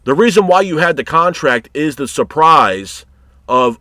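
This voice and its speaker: A man's voice: fairly high pitch, sing-song, measured pace, fairly bright tone, dry recording, studio quality. A man reviewing a wrestling show in a heated, profane rant, exasperated and blunt. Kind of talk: ranting commentary.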